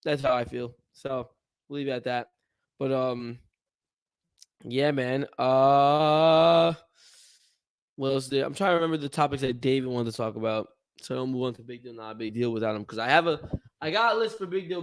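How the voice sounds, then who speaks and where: A young man co-hosting a sports livestream, chatting casually and rambling while he waits for his partner, yawning now and then. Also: medium pitch. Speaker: podcast co-host.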